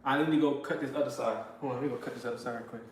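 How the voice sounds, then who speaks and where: A man's voice: mid-range voice, fairly even intonation, rapid-fire, echoey room, heavy background noise. A man hosting a live stream while working in his garage, telling stories and joking with chat. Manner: joking storyteller, talks to chat, slangy. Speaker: livestream host. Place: garage workshop.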